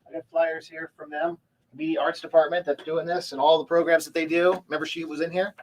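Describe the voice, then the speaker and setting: A man co-hosting a local morning show, chatting casually and tossing in quick jokes. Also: a little high, flat delivery, a little mellow, low-quality recording. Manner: quick, joking interjections. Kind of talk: casual radio chat.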